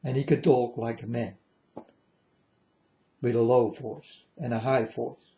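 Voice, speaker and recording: Over lo-fi sound, a vlogger's medium-pitched, creaky and warm voice holds a steady tone at a measured pace. He rambles preachily about spiritual matters in non-standard English, repeating himself and calling viewers folks.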